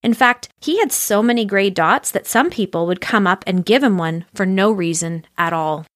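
A woman reads a children's storybook aloud with expressive storytelling. Her voice is mid-range at normal speed, captured in a dry, studio-quality recording.

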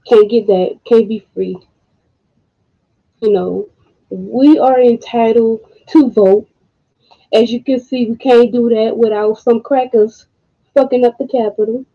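A woman hosting a podcast, speaking in a casual monologue, emotional and frustrated, with slow deliberate pauses. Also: on the high side. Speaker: podcast host. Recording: dull lo-fi audio.

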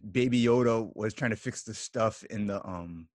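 A man's voice: lowish voice, moderate pace, a little mellow, no echo, clean studio sound. A man co-hosting a casual podcast from home who laughs easily and jumps in often. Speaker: podcast co-host. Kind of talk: casual chat.

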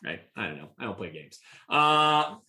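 A man's voice: on the low side, very animated, moderate pace, sharp tone. A man hosting an interview, chatty and eager, often restarting his questions. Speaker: podcast host. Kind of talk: casual interview chat. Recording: echoey room.

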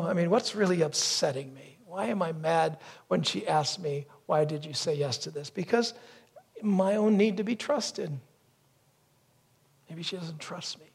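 A man preaching a sermon, telling a story with lively asides and acting out brief voices. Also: high voice, creaky, slightly rough. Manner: storytelling, acts out wife's lines and crow caws. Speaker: pastor.

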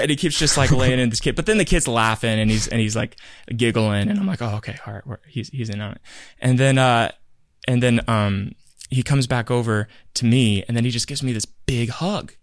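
A man's voice: mid-range voice, a little fast, hardly any pauses, dry recording. Casual man telling a story, dry sound. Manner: animated storytelling, acts out quotes. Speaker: podcast co-host. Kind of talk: casual chat.

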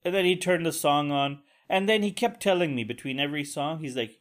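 Young guy ranting on his own podcast, swears a lot, rambles, voice a bit on the high side. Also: fairly quick, few pauses. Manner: profane, rambling, vents with crude asides. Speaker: podcast host. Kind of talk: casual solo podcast rant.

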